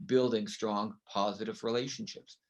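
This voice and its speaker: A man's voice: on the low side, fairly even intonation, moderate pace. A man speaking as an interview guest, explaining with emphatic, coaching rhetorical questions. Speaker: guest educator. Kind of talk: conversational interview.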